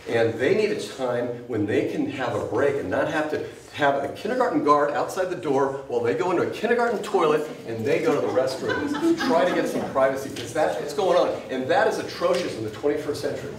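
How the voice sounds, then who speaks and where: A woman's voice: deep voice, very animated, brisk, few pauses, crowd noise. A woman teacher gives an emotional, scolding public comment at a school board meeting, her voice rising and falling with feeling. She sounds distant from the mic in an echoey board room.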